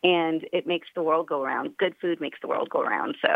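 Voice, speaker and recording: A woman's voice: deep voice, moderate pace, creaky, dry recording. A woman guest on a radio show, chatting in a bubbly, rambling way over a phone line. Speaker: guest musician. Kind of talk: casual interview chat.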